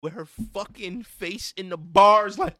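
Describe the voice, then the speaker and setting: A man chatting about a movie in a casual comedy talk, telling the story with animated, exclamatory, profane energy. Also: high voice, a little slow, no room sound.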